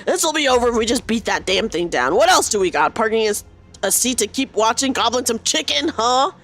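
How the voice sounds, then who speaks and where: A woman voicing a gruff, hot-headed young man, reading game lines aloud. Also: a little high, lively intonation, a little fast, fairly bright tone, faint music behind. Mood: annoyed.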